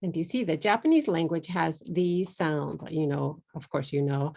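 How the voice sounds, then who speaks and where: A woman with a Texan accent teaching English pronunciation, saying each word slowly and repeating it clearly, with simple Japanese words mixed in. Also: low voice, a little mellow. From Texas. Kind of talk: slow, deliberate pronunciation lesson.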